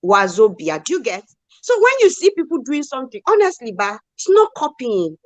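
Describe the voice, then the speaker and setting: A woman talks in a casual live chat, pressing her points with rhetorical questions. Her voice sits fairly high. The sound is close and dry, with no room around it. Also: brisk, no room sound. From Nigeria. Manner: emphatic, animated, rhetorical questions. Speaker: co-host.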